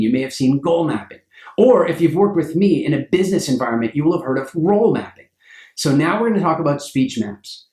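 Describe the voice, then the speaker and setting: Lively man teaching in an echoey room. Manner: acts out quoted voices with big pitch jumps. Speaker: speaking coach. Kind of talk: animated storytelling lesson.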